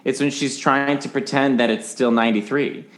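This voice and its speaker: A man's voice: mid-range voice, fairly even intonation, moderate pace, fairly bright tone. A man as a podcast guest in casual chat, animatedly explaining singing technique and breaking into sung examples.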